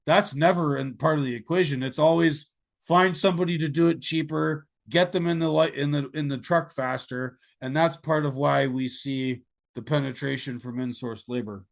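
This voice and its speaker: A man's voice: a little high, moderate pace, gravelly. A man from Canada hosting a podcast interview, blunt and opinionated as he talks. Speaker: podcast host. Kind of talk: conversational interview.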